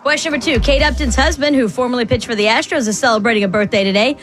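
A woman hosting a morning radio quiz show, brisk and playful, quick to laugh. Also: fairly high pitch, fairly bright tone, soft background music.

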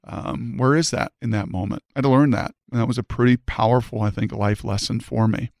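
Man in his own words, earnest testimony, mid pitch, dry close sound. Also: fairly quick, vocal fry, a little mellow, dry recording. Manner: earnest, emphatic storytelling. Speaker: former high school quarterback. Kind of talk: personal faith testimony.

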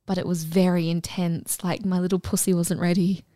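A woman's voice: on the low side, level tone, moderate pace, warm tone, dry recording, clean studio sound. Giggly, crude young woman. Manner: crude, giggly, candid storytelling. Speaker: podcast co-host. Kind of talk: casual chat.

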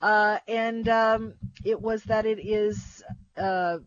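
A woman's voice: medium pitch, steady tone, slow, dry recording. A woman co-hosting a food radio show, chatting casually and stating opinions emphatically. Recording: dull, lo-fi radio broadcast.

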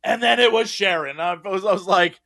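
A man's voice: high voice, moderate pace, gravelly, bright, forceful tone, dry recording. A man co-hosting a podcast, chatting casually and animatedly, acting out quotes in mocking voices. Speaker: podcast co-host. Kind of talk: casual chat.

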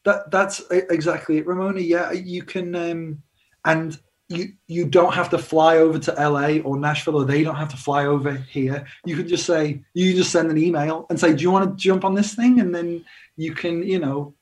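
A man's voice: on the high side, steady tone, normal speed. A young English man, a musician, chatting in an interview over a video call, self-deprecating and laughing often. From England. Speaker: musician guest.

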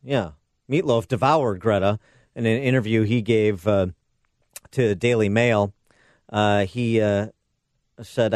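A man's voice: lowish voice, fairly even intonation, a little slow, pauses often, a little mellow, dry recording. A man hosting a political talk radio show, delivering sarcastic and combative commentary into a studio microphone.

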